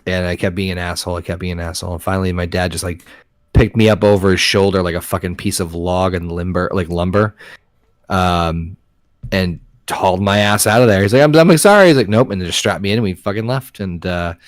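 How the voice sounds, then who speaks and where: A man's voice: sits low, fairly even intonation, brisk. A man telling family stories in casual chat, swearing often and restarting his sentences. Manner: profane, rambling, self-interrupting.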